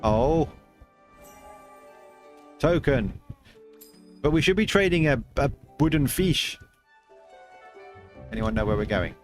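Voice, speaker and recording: A man's voice: medium pitch, expressive, slow pace, pauses often, soft background music. A man hosting a casual game livestream, chatting loosely and answering viewers' chat as he plays. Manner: chatty, reads chat aloud, rambling with restarts. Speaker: livestream host.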